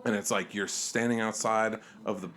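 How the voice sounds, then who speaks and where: A man from Nantucket, a comedian guest telling joking deadpan stories in a casual podcast chat. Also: lowish voice, normal speed. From Nantucket, United States. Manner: joking, deadpan storytelling with laughs.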